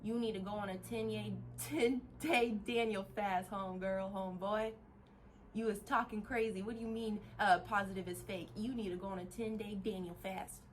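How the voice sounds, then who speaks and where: A woman vlogger giving a casual motivational rant, animated, laughing often and swearing freely as she rambles with restarts. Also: mid-range voice, normal speed, slight background noise.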